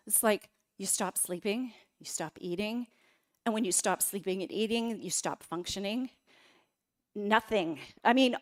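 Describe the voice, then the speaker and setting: A middle-aged woman giving a personal testimony talk in a church, telling her story dramatically and with feeling. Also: medium pitch. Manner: emotional, dramatic storytelling with quoted outbursts. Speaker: guest speaker. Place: church sanctuary.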